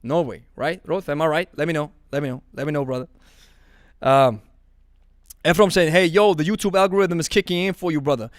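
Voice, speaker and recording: A native-speaking man hosts a live stream as a podcast host, reading the live chat and talking casually with viewers. His voice is a little high and a little fast, recorded at studio quality with no echo, and he jokes, laughs and repeats himself.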